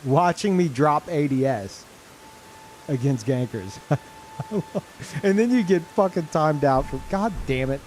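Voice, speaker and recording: Male streamer, higher pitch, swearing and incredulous, unhurried delivery. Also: a little hiss or hum. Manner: excitable, incredulous, swears often, laughs a lot. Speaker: game streamer. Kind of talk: live gameplay commentary.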